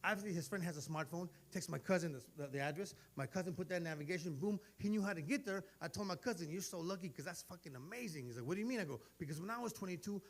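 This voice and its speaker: A man in his forties doing a profane stand-up set, telling stories and acting out the voices of the people in them. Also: high-pitched. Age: 40s. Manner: animated, profane storytelling that acts out voices. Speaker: stand-up comedian. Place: live comedy venue.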